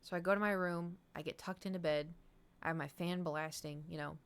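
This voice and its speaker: A young adult woman streaming and chatting with viewers, telling a rambling, animated story with laughs. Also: lowish voice, brisk, clean tone. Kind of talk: casual chat with stream viewers.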